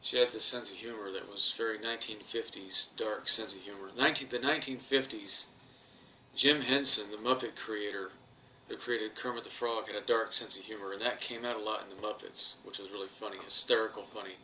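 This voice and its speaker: A man's voice: lowish voice, fairly even intonation, fairly quick, bright, forceful tone, far from the mic, a little hiss or hum. A man from Texas, an author hosting his own channel, talking casually to camera in a rambling way, repeating words, restarting sentences and chuckling at his own jokes. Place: home in England.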